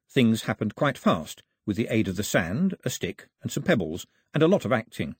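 Guy reading an audiobook, expressive, kinda husky, bouncy pitch. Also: moderate pace, hardly any pauses, no echo, clean studio sound. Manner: lively, expressive storytelling. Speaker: audiobook narrator. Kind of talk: scripted narration. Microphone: close studio mic.

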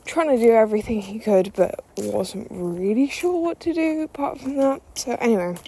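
Girl podcasting, chatty and self-mocking, creaky voice, swears a bit. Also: on the high side, expressive, normal speed, dark tone, poor audio. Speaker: podcast host. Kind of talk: casual storytelling monologue.

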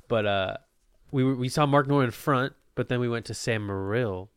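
A man's voice: mid-range voice, moderate pace, clean tone, no room sound, clean studio sound. A young man hosting a casual podcast chat with friends in a small room, rambling and often losing his train of thought, swearing casually. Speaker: podcast host.

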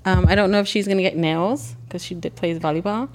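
A middle-aged woman co-hosting a casual chat podcast, telling family stories in a joking, animated way and mixing in Spanish words. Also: lowish voice, fairly quick, a little hiss or hum. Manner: animated storyteller, joking, acts out family quotes. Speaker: podcast co-host.

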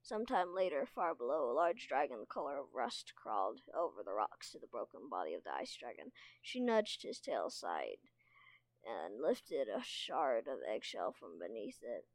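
A woman's voice: rumbling low, huge pitch swings, normal speed, dry recording. A woman reading a novel aloud expressively, now and then tripping over words and commenting on the characters. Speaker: reader and teacher.

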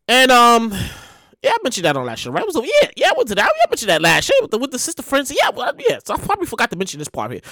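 Animated, high-pitched woman host. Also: no room sound, studio quality. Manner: animated, profane, repeats herself for effect. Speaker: show host. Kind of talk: comic storytelling monologue.

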